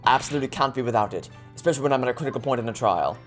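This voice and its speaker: A woman voicing an earnest young male lawyer in a quick, plain way. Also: a bass voice, expressive, faint music behind.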